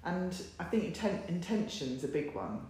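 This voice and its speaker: A co-host with a London accent talks in an animated, opinionated way, backing up the other speaker often. The voice sits in the middle range and sounds far from dry, with a lot of room echo around it. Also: medium pitch, normal speed, slight background noise. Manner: animated, opinionated, keeps agreeing. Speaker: podcast co-host. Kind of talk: casual chat. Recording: very echoey room.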